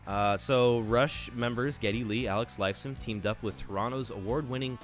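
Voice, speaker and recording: A man's voice: medium pitch, moderate pace. Easygoing man reading music news. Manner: relaxed, easygoing, jokey. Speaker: co-host of a music news show.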